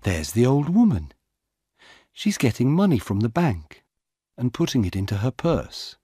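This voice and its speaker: A man's voice: mid-range voice, big pitch swings, measured pace, warm tone, slightly rough, no echo, clean studio sound. A man voicing Sue, a curious female police officer in a storybook. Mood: alert.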